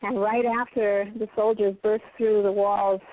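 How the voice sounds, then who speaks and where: A woman's voice: medium pitch, little pitch movement, unhurried. A woman giving a heartfelt Torah class over the phone, telling stories in an earnest, emphatic way. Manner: earnest, emphatic, storytelling with passionate rises. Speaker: Torah teacher. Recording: tinny phone line.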